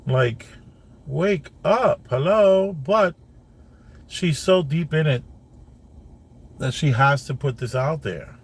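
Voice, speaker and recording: A man commenting on a vlog in a casual, animated way, voice climbing when he gets incredulous. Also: medium pitch, slow, pauses often, breathy edge. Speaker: vlogger.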